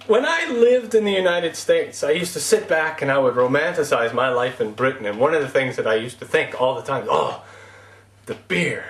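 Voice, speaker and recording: A man's voice: medium pitch, animated, fairly quick, few pauses, echoey room. A man talking casually to camera in a rambling, self-mocking comic monologue. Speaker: vlogger.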